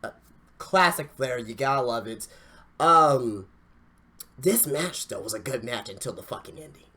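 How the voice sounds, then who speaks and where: A man's voice: mid-range voice, expressive, a little slow, pushed and bright, husky. A man hosting a wrestling podcast, reviewing an event in casual talk with swearing and lots of stammered restarts. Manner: ranting, profane, stammering restarts.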